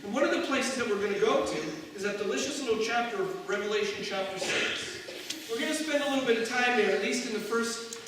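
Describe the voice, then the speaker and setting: In a church sanctuary, a Canadian pastor preaches in a very high-pitched voice at a slightly fast pace. His sermon is conversational and sprinkled with rhetorical asides to the congregation. The recording is distant and echoey, with background noise.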